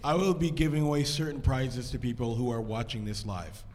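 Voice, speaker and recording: A man with a hoarse, nearly spent voice, an excitable guest on a live show. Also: mid-range voice, a little fast. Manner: excitable, hyped. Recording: echoey room.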